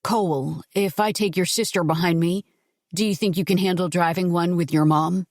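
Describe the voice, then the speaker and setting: A woman's voice: fairly low pitch, fairly even intonation, normal speed, darkish tone, no room sound, lightly acted. An easygoing, friendly man making introductions and offering help, as a woman narrator reads him. She keeps close to her own voice. The storybook recording is close and dry.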